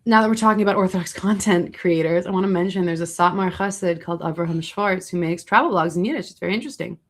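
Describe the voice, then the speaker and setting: A young adult woman hosting a casual livestream, answering viewer questions with chatty, animated storytelling and asides. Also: on the low side, fast talker.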